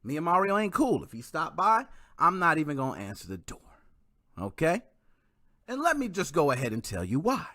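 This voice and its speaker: A man hosting a casual livestream, animated and talking straight to his viewers while he greets the chat. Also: fairly high pitch, normal speed. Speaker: livestream host.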